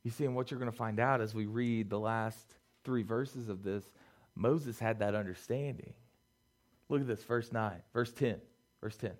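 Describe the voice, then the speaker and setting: Speaking at normal speed in a fairly low voice, a middle-aged man delivers a sermon as a youth pastor addressing young people. His casual tone rises into fervent urging, and he keeps saying "man" and "listen."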